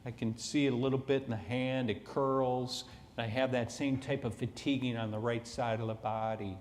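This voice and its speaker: A middle-aged man delivers a motivational keynote as a personal story, dropping to near-whispers and then rising loud. His voice sits at an ordinary pitch and rings out with the long echo of a big conference hall. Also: fairly even intonation, moderate pace, slight background noise. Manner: dramatic, swings from hushed to loud. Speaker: keynote speaker. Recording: echoey hall.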